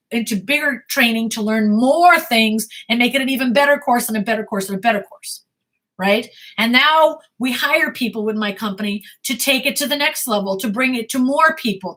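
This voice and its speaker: A middle-aged woman acting coach answers viewer questions in a sharp, higher-pitched voice. She's blunt and emphatic, frequently repeating herself.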